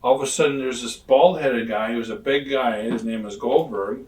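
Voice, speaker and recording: A man's voice: medium pitch, normal speed, recorded from a distance. Man telling a story, a little off-mic. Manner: animated storyteller, acts out both sides of conversations. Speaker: interview guest. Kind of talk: shoot interview storytelling.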